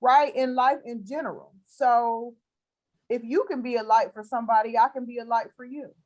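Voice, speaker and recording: A woman's voice: fairly high pitch, fairly even intonation, moderate pace, darkish tone. A woman hosting a faith-based conversation, speaking in an encouraging, affirming, preacher-like cadence.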